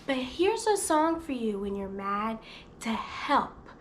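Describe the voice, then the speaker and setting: High sing-song woman teaching toddlers. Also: sing-song, slow, slight background noise. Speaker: speech therapist and children's video host.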